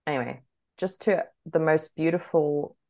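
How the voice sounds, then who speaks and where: Young woman on a podcast, low voice, bubbly, laughs a lot, lots of likes and ums. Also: warm tone. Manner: bubbly, laughs often, talks in quick bursts with many fillers. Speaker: podcast co-host. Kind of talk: casual chat.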